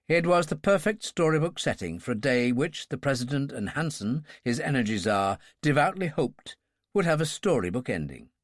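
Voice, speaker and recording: A man narrating a thriller audiobook in a measured, expressive storytelling manner. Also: medium pitch, dry recording, clean studio sound.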